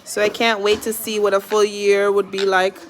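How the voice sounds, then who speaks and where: A woman's voice: mid-range voice, flat delivery, normal speed, slight background noise. A young woman, chatting casually and rambling to camera at home about her pet parrot.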